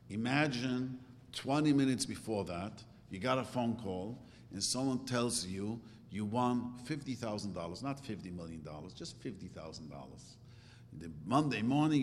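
A man's voice: medium pitch, slight background noise. A middle-aged man giving an earnest sermon as a religious teacher, repeating phrases and asking rhetorical questions. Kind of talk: sermon to a live audience. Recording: long hall reverb.

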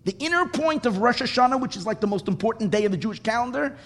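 Fervent, high-voiced man teaching Torah. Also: expressive, quick pace, long reverb tail. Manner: fervent, emphatic, with Hebrew and Yiddish terms. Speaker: rabbi teaching Hasidic thought. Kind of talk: impassioned Torah class.

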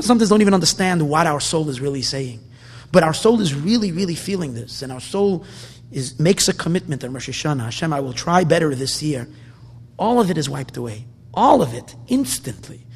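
A man giving an impassioned sermon, moving from soft, quiet stretches to loud, emphatic bursts and often repeating words. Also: a little high, breathy edge. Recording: long hall reverb.

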